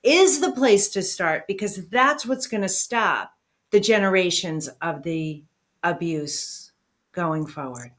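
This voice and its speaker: A woman hosting a talk show, speaking with emotion and warm affirmation to her guest. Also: on the low side, expressive, takes it slowly. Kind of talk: interview conversation.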